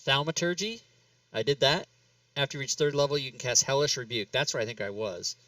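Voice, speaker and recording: Male host, bright tone, slightly distant mic, rambling self-narration with laughs. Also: mid-range voice, a little fast, dry recording. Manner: rambling, laughs often, talks himself through steps. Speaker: talk show host. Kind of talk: casual chat while working in game software.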